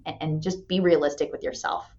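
A woman in her thirties, a company president and mother, telling a candid story and tagging her points with a quick "right?". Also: low-pitched, fairly even intonation, darkish tone. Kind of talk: motivational talk. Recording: dull lo-fi sound.

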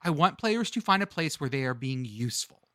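A man co-hosting a chatty sports podcast, his voice bright and lively with wide swings in pitch. He keeps trailing off to dig up names. The sound is dry and close. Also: a little fast, no echo. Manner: animated, swearing, searching for names mid-sentence. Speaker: podcast co-host. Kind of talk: casual chat.

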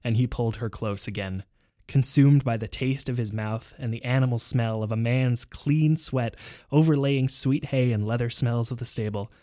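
A man's voice: medium pitch, moderate pace, warm tone, dry recording. Wry man with a dry, close voice. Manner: giggly, wry banter. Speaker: podcast co-host and writer. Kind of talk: comedic reading and casual chat.

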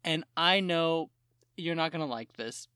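This co-host rants hard in casual chat, swearing freely and acting out the characters with sudden jumps in pitch. The voice sits at a middling pitch. The sound is close and dry. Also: measured pace, smooth, no echo. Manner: animated ranting with profanity and mock quotes. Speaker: podcast co-host.

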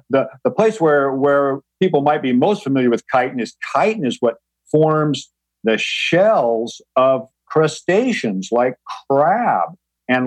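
A man's voice: a little high, dry recording, low-quality recording. A man speaking as a guest, explaining things patiently in an interview, often restarting and repeating words. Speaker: guest, mushroom grower.

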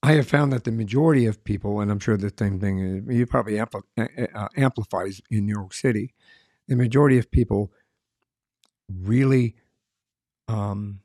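A man's voice: lowish voice, normal speed, darkish tone, dry recording, studio quality. A man, a former police officer, talking in casual chat and often repeating words as he searches for what to say.

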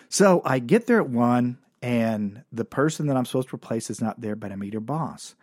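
A man's voice: medium pitch, fairly quick, few pauses, a little mellow, no echo. Male comic storyteller, casual and wry, dry close mic.

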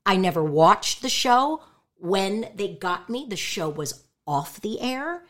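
A woman's voice: mid-range voice, takes it slowly. A woman who is a voice actress and stand-up comedian, talking candidly and emphatically in an interview. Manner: animated, emphatic, outspoken.

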